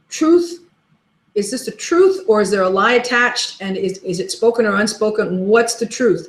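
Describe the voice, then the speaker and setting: A woman's voice: fairly high pitch, roomy sound. A woman hosting a motivational webinar, telling stories in a chatty way and repeating her key question. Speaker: webinar host and life coach.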